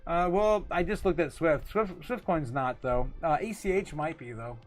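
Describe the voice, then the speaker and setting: A fairly high-voiced man hosts a casual livestream, rambling loosely between topics. He reads viewer comments aloud and breaks into frequent laughter. His talk is full of fillers and restarts. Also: normal speed. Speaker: livestream host.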